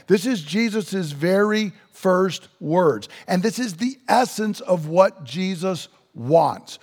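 A man preaching a sermon in an earnest, emphatic way, slowing down to stress key words. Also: sits high, long reverb tail.

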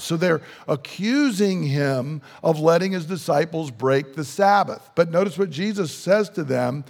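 A man's voice: fairly high pitch, moderate pace, few pauses, long reverb tail. A man preaching a sermon in a conversational way, putting questions to his listeners. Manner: conversational, asks the audience questions. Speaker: pastor.

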